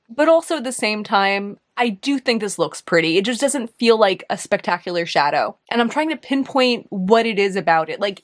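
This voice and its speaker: A young woman with a New York accent chatting casually as she reviews makeup, thinking aloud, hesitant and full of "like"s. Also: mid-range voice. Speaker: beauty video host.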